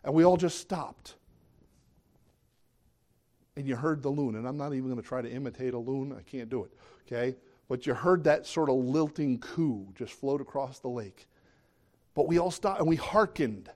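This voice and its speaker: A man's voice: mid-range voice, normal speed, pauses often, a little mellow. A middle-aged man preaching a sermon in a conversational way, often asking the listeners questions. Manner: conversational, asks the audience questions.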